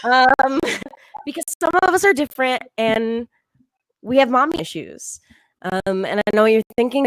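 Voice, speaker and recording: A young adult woman-voiced comedian doing a stand-up set from home in a deadpan tone, with frequent ums and little laughs. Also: on the high side, measured pace, pauses often, dry recording, poor audio. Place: home, virtual show.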